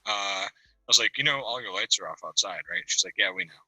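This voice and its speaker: A man on a video call telling a profane, animated story with bursts of laughter. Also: on the low side, fairly quick, husky, no echo, rough recording. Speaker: caller on a video call-in panel. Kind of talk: casual storytelling.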